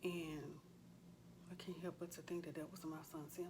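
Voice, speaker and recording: A woman's voice: deep voice, level tone, moderate pace, noisy background. A woman in her forties, a vlogger, talking in an earnest, heartfelt, conversational way with frequent fillers. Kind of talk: casual chat.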